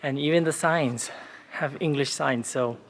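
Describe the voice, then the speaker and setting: A man's voice: on the high side, unhurried, slight background noise. A man giving a casual, informative walking tour outdoors, with frequent fillers as he explains the sights. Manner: relaxed, informative, with frequent "uh" and "you know" fillers. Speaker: travel vlogger and walking tour guide. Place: outdoors on city streets.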